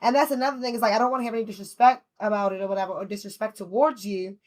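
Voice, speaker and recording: A woman's voice: mid-range voice, steady tone, rapid-fire, darkish tone. A woman giving a casual tarot reading at home. She is chatty, laughs often and swears freely. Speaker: tarot reader.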